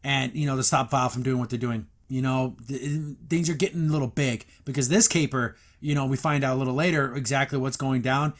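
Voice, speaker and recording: A man hosting a podcast, recapping a cartoon episode in casual, animated commentary and acting out the characters' lines. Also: mid-range voice, brisk, few pauses. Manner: animated, recaps scenes and acts out quotes.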